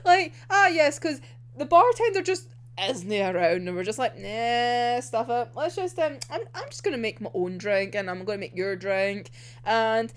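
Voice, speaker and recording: Animated, laughing woman gushing over manga. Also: fairly high pitch, normal speed. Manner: gushing, laughs often, acts out characters' lines mid-story; swears casually. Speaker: manga reviewer. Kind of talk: casual manga recap and review.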